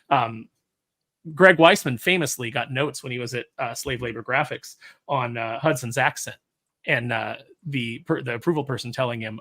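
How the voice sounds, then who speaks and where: Comic writer guest, male; husky, bright delivery; rambling anecdotes on a call. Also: medium pitch, normal speed. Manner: storytelling, quotes people in voices, many fillers. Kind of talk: casual panel discussion.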